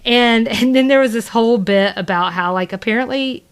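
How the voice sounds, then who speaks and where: A woman's voice: on the high side, moderate pace, clear, resonant tone. A woman with a Southern US accent co-hosting a casual podcast chat, rambling with lots of fillers and laughs. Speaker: podcast co-host.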